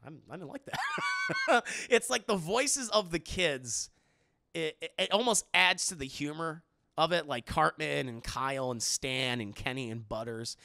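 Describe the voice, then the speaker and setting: Young male streamer, casual chat, lively rambling, laughs, swears, slightly high voice, dry close sound. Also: unhurried, vocal fry, dry recording.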